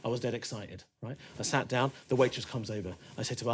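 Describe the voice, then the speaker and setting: A male stand-up comedian telling stories in a comedy club, animated and punchy, swearing freely. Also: mid-range voice, fast talker, hardly any pauses, husky.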